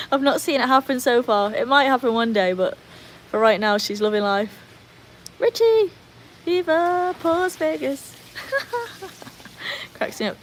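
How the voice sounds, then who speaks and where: A woman's voice: a little high, fairly even intonation, normal speed, a little hiss or hum, poor audio. A British woman, hosting a casual livestream from home, chatting with viewers and her dogs. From Britain. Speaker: livestream host.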